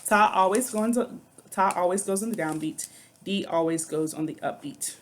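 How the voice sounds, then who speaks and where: A woman's voice: medium pitch, moderate pace, slight background noise. A woman music teacher explaining rhythm syllables in a recorded lesson, patient and step by step, checking in with "okay".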